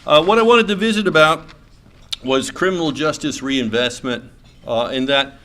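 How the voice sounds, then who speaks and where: A middle-aged Louisiana man, a state senator, gives a folksy after-lunch speech in a club meeting room. His voice sits a little high with a sharp tone at a moderate pace, and he jokes around while hesitating through lots of fillers and restarts.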